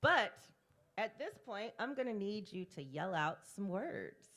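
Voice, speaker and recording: Woman slam emcee, brash and profane, lively pitch, teases the crowd. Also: measured pace. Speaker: poetry slam host. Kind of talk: live emcee banter. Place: live poetry venue in a bar.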